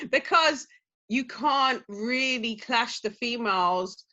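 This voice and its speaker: A woman's voice: a little high, expressive, drawn-out words, bright, forceful tone, highs cut off. A woman DJ guest in casual podcast chat, talking emphatically and laughing easily.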